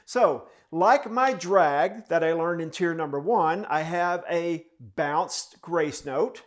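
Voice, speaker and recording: A man's voice: a little high, takes it slowly, noisy background. A man teaching a drum lesson step by step, speaking the rhythms aloud in syllables as he demonstrates them.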